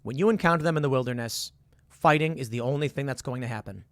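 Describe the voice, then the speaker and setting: A man's voice: mid-range voice, fast talker, dry recording, studio quality. A man hosting a casual commentary monologue, walking the listener through hypothetical scenarios and rising to emphatic bursts. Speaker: political commentary host.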